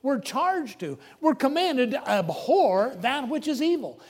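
A man preaching a sermon, emphatic, swinging between loud declarations and hushed asides. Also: extremely high pitch, very animated, measured pace, hardly any pauses, breathy edge. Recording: long reverb of a large hall.

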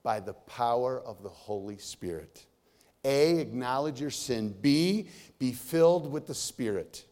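A middle-aged man preaching a sermon in a church. He talks in a conversational way, swinging between loud and hushed. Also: medium pitch, animated, a little slow. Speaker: pastor. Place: church sanctuary. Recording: long reverb of a large hall.

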